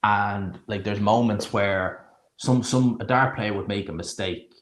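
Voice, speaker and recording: A man with a lowish, unhurried voice streams a live watch-along, chatting casually and sarcastically. He rambles and pauses to search for names, and the recording has a roomy echo.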